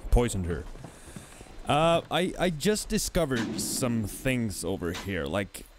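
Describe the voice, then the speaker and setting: A man giving casual gameplay commentary as host of a let's play, thinking aloud in a musing, halting way. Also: medium pitch, big pitch swings, background noise. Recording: game music clearly behind.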